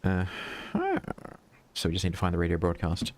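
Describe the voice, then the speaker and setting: A man's voice: deep voice, huge pitch swings, normal speed, a little hiss or hum. A young man streaming a horror game, chatting casually with self-mocking jokes and asides. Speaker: VTuber streamer. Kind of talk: casual gameplay commentary.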